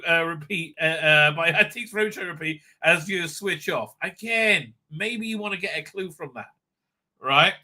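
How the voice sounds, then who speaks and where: A man hosting a casual live-stream rant, his voice pitched high and very bright and cutting. He swears constantly and mocks what he hears, now and then jumping into loud shouts. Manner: profane, mocking, jumps into sudden shouts. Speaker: livestream commentary host.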